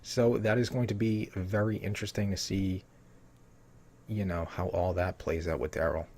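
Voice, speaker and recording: A man's voice: sits low, fairly even intonation, moderate pace, darkish tone. A man giving a casual spoiler rundown of a TV episode, reading bits of a summary and rambling with lots of filler words. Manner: rambling, heavy with "you know" fillers.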